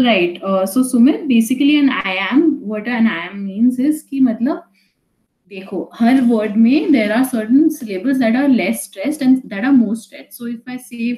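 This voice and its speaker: In an echoey room, a young woman with an Indian accent and a slightly high voice with a dark tone teaches poetry online to a student. Chatty and informal, she slips in Hindi alongside English and fills her speech with fillers and restarts.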